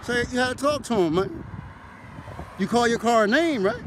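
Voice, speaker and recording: High-voiced man telling a streetwise story. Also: moderate pace, a little hiss or hum. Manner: animated, streetwise banter, acts out arguments. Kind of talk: casual storytelling monologue.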